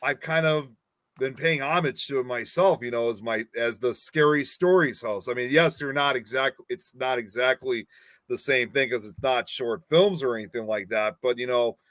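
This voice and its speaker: A man's voice: mid-range voice, normal speed, fairly bright tone, no room sound. A man hosting a podcast, chatting casually and rambling with self-corrections. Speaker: podcast host.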